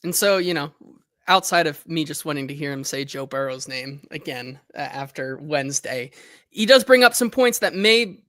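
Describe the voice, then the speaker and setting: Bright-voiced chatty male sports host. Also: fairly high pitch, lively intonation, normal speed, no room sound, clean studio sound. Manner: chatty, loose, reads news aloud. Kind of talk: casual chat.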